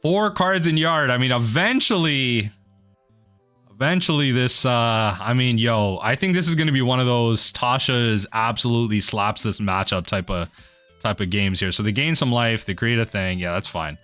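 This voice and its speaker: A man commentating his own card game match for a video, muttering quietly at times and then bursting into excited yells. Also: moderate pace, clear, resonant tone, soft background music. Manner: mutters low then erupts into excited yelling. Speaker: gaming video host.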